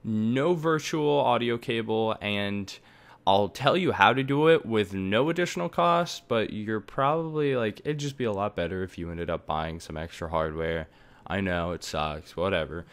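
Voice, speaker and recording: Fairly low in pitch and a little slow, this young man's voice has a fairly bright tone. He makes a loose, filler-heavy home tutorial on recording setups with offhand asides, captured on a desktop USB microphone.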